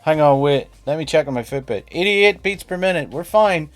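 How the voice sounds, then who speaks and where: A man's voice: on the high side, lively intonation, fairly quick. A man casually chatting while streaming a game, playful and talkative, teasing the creatures on screen. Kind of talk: casual gameplay stream chat.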